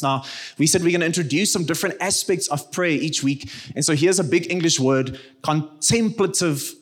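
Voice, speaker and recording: Husky preaching man with hushed drops. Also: moderate pace. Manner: animated, with sudden drops to a hushed low voice. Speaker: pastor. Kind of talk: sermon.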